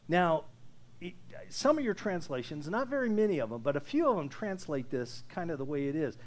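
A man preaching a sermon, moving from hushed, slow passages to loud, emphatic declarations and asking his listeners questions. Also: on the high side, very animated. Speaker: pastor.

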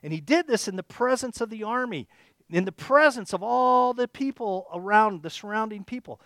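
A man with a notably high voice, preaching to his church congregation. He talks it through casually, stumbling and restarting, and keeps asking "okay?" to check in. The sound is close and dry, with little room echo. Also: expressive, moderate pace, fairly bright tone. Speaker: pastor. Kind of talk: sermon. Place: church service.

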